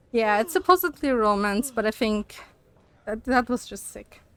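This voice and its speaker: A woman's voice: a little high, lively intonation, takes it slowly. A young woman streamer chatting casually while gaming, ranting and laughing with frequent swearing.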